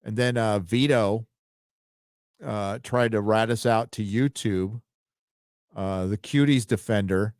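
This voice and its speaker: A man's voice: fairly low pitch, slow pace, pauses often, a little mellow, no echo, clean studio sound. A man hosting a live stream, chatting casually and reading out viewer donations in an offhand, rambling way. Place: home studio.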